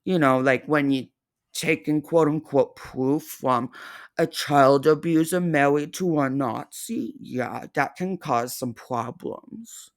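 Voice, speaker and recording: A woman's voice: low voice, slow pace. A woman hosting a reaction video, ranting in a profane, sarcastic and scornful way. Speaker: reaction channel host.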